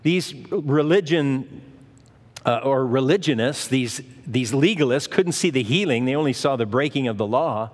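A man's voice: mid-range voice, lively intonation, normal speed, long reverb tail. A male pastor giving a conversational sermon, acting out the voices of the people in the Bible stories.

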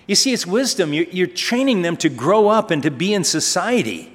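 Pastor guy preaching, chatty storytelling, bit high voice, echoey hall. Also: very animated, moderate pace, few pauses, a bit bright. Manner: conversational storytelling with rhetorical questions. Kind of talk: sermon. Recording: long reverb of a large hall.

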